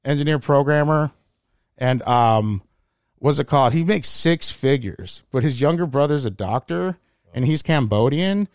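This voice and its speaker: A man telling a crude, rambling story in a casual podcast chat, swearing constantly and speaking with animated energy. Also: mid-range voice, measured pace, no echo. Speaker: comedian podcast host.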